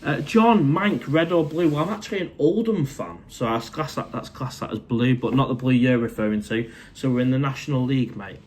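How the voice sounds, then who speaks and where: A middle-aged Mancunian from Manchester, England runs a casual live stream from inside his condo, reading out viewer comments. He talks a little fast in a mid-range voice with hardly any pauses, chatty and matey, calling viewers mate, and there's a little hiss or hum.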